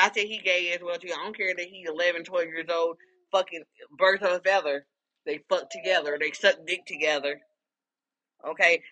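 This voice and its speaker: A woman podcast host in the middle of a heated solo rant, her voice forceful and tense. She swears constantly and pushes her volume up toward a shout. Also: fairly low pitch, poor audio. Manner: raises voice to near shouting. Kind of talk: casual monologue rant.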